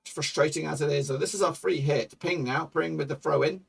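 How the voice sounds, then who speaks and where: A man commentating his own football management game for viewers, excitable and swearing, shouting at goals. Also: a little high, brisk, gravelly, breathy edge, distant mic. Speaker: gaming YouTuber.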